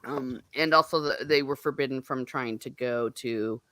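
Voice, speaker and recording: A woman's voice: rumbling low, normal speed, fairly bright tone, no room sound. A woman hosting a casual book discussion livestream, chatty and laughing at herself. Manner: chatty, laughing, self-mocking. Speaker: host.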